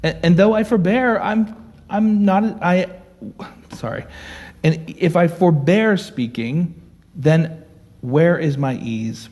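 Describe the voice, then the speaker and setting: A man's voice: high voice, slow pace, long pauses, a little mellow. A man preaching as a pastor, teaching verse by verse, reading scripture aloud and explaining it in an earnest, conversational way.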